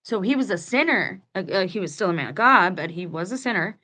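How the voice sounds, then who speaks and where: A woman reads passages from a book to her viewers, her voice sitting at a middling pitch. Between passages she drifts into casual, chatty remarks, restarting her sentences as she goes. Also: expressive, fairly quick, pushed and bright. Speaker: channel host reading a book aloud with commentary. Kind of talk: reading aloud with casual commentary.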